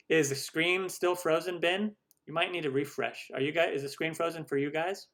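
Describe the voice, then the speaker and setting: A man's voice: on the high side, fairly even intonation, measured pace, fairly bright tone. A middle-aged man hosting a cooking live stream, chatting casually and rambling with many restarts as he answers viewer questions.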